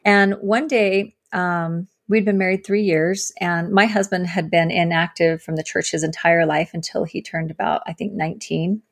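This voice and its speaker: A woman's voice: lowish voice, steady tone. Earnest woman telling her story. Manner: earnest, halting with fillers and restarts. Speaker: guest, survivor advocate. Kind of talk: personal storytelling in interview.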